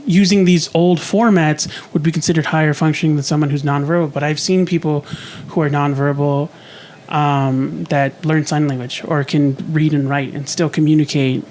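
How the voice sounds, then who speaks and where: A man co-hosting a podcast in casual talk, speaking hesitantly in halting phrases. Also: fairly high pitch, fairly even intonation, a little mellow, slight background noise. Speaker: podcast co-host.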